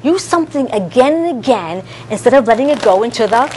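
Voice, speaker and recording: A woman leading a classroom lesson for young children, coaxing them through call-and-response in an animated, sing-song way. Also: on the high side, brisk, a little hiss or hum. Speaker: early childhood educator.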